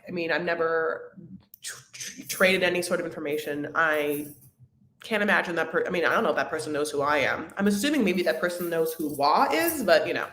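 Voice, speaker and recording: A woman's voice: on the low side, a bit bright. Chatty woman rambling in an echoey room. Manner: rambling, chatty, many fillers and restarts. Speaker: host of a reality TV recap livestream. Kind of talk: casual chat.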